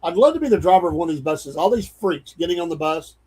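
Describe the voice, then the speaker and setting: A man's voice: on the high side, animated, fast, mellow, husky. A man co-hosting a casual morning show, blunt and plain-spoken. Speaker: co-host.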